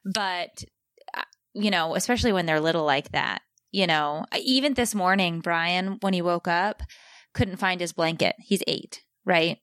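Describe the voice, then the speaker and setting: A woman with a fairly low voice co-hosts a casual podcast. She answers in a supportive, reassuring manner, and the recording is dry and close. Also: a little slow, fairly bright tone, dry recording. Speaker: podcast co-host. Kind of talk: casual chat.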